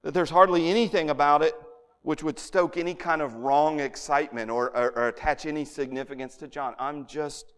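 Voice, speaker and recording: A man's voice: fairly high pitch, fairly even intonation, fairly quick, a bit bright, clear, resonant tone, in a large hall. A man preaching an expository sermon, earnest and often repeating words as he restarts a thought.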